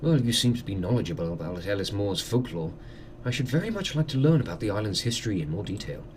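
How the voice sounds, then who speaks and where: A man's voice: on the low side, very animated, quick pace, darkish tone, slight background noise, pitched below the performer's own voice. A man voicing a polite, reserved Victorian male doctor who asks formal questions.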